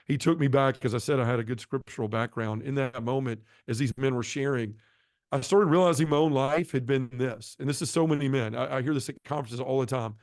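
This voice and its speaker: A middle-aged man tells his faith testimony with earnest passion. His voice sits at an ordinary male pitch and rises and falls in volume with the story. The sound is dry and close. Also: a little fast, a little mellow, dry recording. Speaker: guest sharing a conversion testimony.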